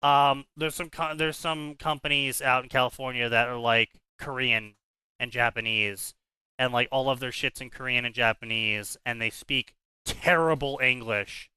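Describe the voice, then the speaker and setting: Bright, crisp-voiced man ranting. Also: medium pitch, fairly even intonation, normal speed, dry recording. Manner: ranting, profane, repeats words when starting. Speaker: podcast co-host. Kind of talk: casual banter.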